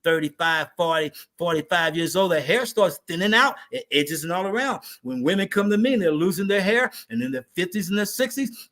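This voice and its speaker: Man, fairly high voice, talk show guest, lively storytelling, talks straight to the host. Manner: animated storyteller, addresses the host directly. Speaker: natural remedies advocate, guest.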